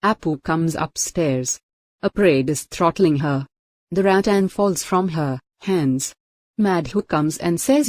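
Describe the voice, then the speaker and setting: A woman narrating a recap of a TV serial episode in a plain, even read-aloud way. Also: fairly low pitch, unhurried, no echo.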